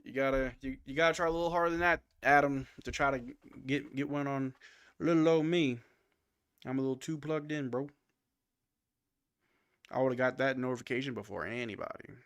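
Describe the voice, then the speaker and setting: A man's voice: mid-range voice, a little fast, pauses often, clean tone, no echo, clean studio sound. A man hosting a live stream watch-along, calling plays casually, reading stats and answering chat, a little sleepy and yawning. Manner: relaxed, reads stats and replies to chat. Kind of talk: casual play-by-play commentary with chat.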